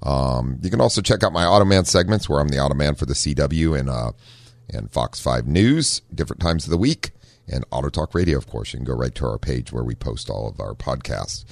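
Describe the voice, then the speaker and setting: A man's voice: extremely low pitch, lively intonation, fairly quick, vocal fry, dry recording. A man hosting a car-talk radio show, chatting folksily with lots of fillers. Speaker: radio show host, auto shop owner. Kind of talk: casual radio talk with a caller.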